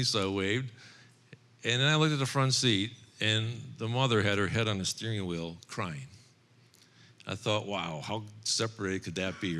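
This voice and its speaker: A man's voice: on the low side, a bit bright. A middle-aged man telling a personal testimony to a men's Bible study group in an earnest storytelling manner. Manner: earnest, storytelling, quoting others in his own voice, occasional laughs.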